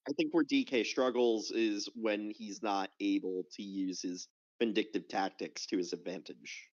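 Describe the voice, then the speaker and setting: A man's voice: lowish voice, fairly even intonation, unhurried. Emphatic man on dull voice chat. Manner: emphatic, hedging with "like". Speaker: voice chat guest. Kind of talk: casual game discussion.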